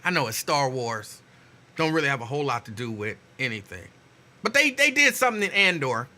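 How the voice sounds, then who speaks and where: Bright-voiced male talk show host. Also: mid-range voice, sing-song, a little fast. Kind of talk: casual talk radio.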